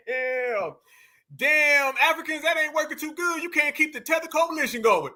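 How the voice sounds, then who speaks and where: A man hosting a livestream gives animated, preachy reaction commentary, laughing often and leaning on slang. His voice is strikingly high for a man and very bright, with a tense, piercing edge. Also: measured pace.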